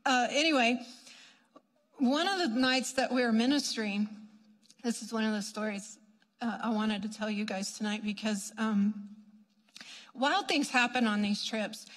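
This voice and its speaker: A high-voiced woman tells a testimony story from the pulpit, acting out her own reactions with lively leaps in pitch. Her voice rings out with a long hall reverb. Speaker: ministry speaker.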